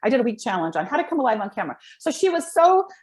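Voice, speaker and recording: A woman coach talking as a guest on a video call, blunt and energetic, laughing often as she tells stories. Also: on the high side, racing. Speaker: guest, camera-presence coach. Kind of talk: animated conversational storytelling. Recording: echoey room.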